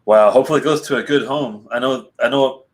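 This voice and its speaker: A man's voice: mid-range voice, quick pace, rough recording. A man co-hosting a casual whisky chat, easygoing and conversational. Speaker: whisky podcast co-host.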